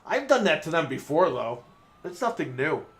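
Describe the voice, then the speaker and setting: A man's voice: a little high, sing-song, normal speed, a bit bright. A man co-hosting a gaming podcast, telling stories in casual chat while playing, swearing freely. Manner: swearing, storytelling with laughs. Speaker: podcast co-host.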